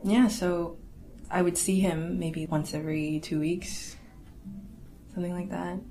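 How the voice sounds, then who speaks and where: A young woman telling a personal family story in a casual, halting way, full of "like" and "you know.". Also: lowish voice, level tone, mellow, slight background noise. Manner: casual, halting, lots of fillers and restarts; laughs wryly through awkward memories. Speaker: interviewee.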